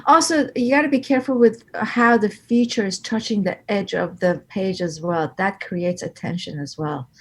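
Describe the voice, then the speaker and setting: A woman instructor giving live design critique, with encouraging, gently directive feedback. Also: mid-range voice, moderate pace, hardly any pauses, breathy edge.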